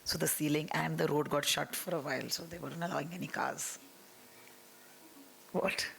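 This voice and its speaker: A woman with an Indian English accent giving a conference lecture on eye surgery, her voice hoarse and strained, with many fillers. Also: low-pitched, steady tone, moderate pace, fairly bright tone. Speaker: oculoplastics consultant presenting a talk.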